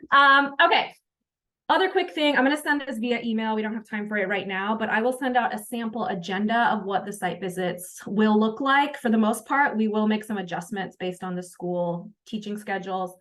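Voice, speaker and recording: A woman's voice: mid-range voice, moderate pace, a bit bright. A woman leading an online training session, upbeat and chatty, with frequent fillers. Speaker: session facilitator.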